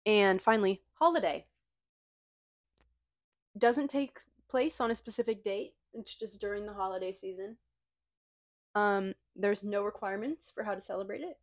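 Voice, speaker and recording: A young woman from Missouri reads out her notes in a dry, matter-of-fact way as a co-host on a casual podcast. She has a mid-range voice, keeps a normal speed and pauses often.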